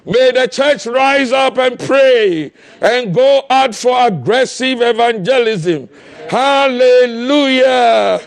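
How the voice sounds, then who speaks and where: A man preaching a fiery sermon, impassioned and often shouting, with repeated calls to the congregation. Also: very high voice, animated, slow, few pauses, no echo.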